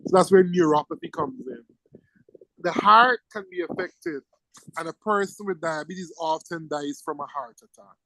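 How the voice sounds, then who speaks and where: A middle-aged man with a lilt teaches medicine to exam students in a high, lively voice. He leans on key words and keeps asking "right?" The sound is close and dry. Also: moderate pace, vocal fry, no echo, poor audio. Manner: emphatic, repeats key words, checks in with "right?". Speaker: medical lecturer. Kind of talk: exam-prep lecture to students.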